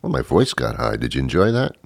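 A middle-aged comedic storyteller delivers a monologue about himself, rambling in a lively, sarcastic, self-mocking way. His very deep voice is creaky and brisk, captured in studio quality with no echo.

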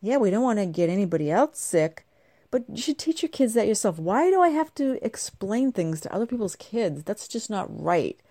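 A middle-aged woman vlogs casually to camera at home, bubbly and rambling with wandering asides, her voice a little nasal from a congested cold. Her mid-range, dark-toned voice is sing-song at a normal speed, recorded cleanly in a studio-like way with no room sound.

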